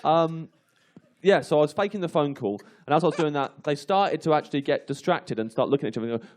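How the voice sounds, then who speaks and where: A male comedian telling an animated anecdote to a live audience on a comedy panel show, laughing through it. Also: fairly high pitch, fast. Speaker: comedian guest.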